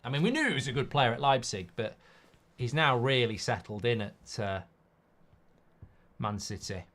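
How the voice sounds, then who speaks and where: A man's voice: medium pitch, expressive, moderate pace, a bit bright. A man hosting a live football watchalong, casual and blunt, reading out viewer comments between reactions to the match. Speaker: host.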